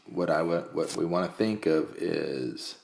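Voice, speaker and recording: A man with a very deep, gravelly voice explains math step by step. He talks calmly and counts through each part aloud. The room around him is echoey. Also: a little slow. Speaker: math teacher. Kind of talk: screencast math lesson.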